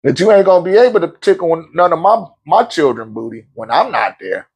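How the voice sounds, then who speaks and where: This host's pitch is fairly high and his pace a little fast, with a breathy edge to his voice. Running a casual Q&A, he tells a story bluntly, swearing a lot and laughing frequently. His manner is profane and blunt, full of laughter and lively swings.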